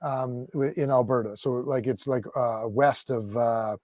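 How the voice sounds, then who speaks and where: A man's voice: mid-range voice, measured pace, no echo, lo-fi sound. Canadian man telling a story on a dry mic. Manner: animated storytelling, swears freely, acts out quoted exchanges. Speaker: podcast co-host. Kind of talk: casual chat.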